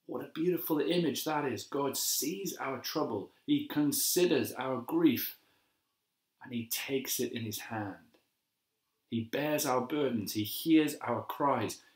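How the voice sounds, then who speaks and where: A man giving a gentle, measured devotional sermon as a pastor, slowing down to repeat key phrases. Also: mid-range voice. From England. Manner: gentle, measured and reflective, with slow emphatic repetitions. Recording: echoey room.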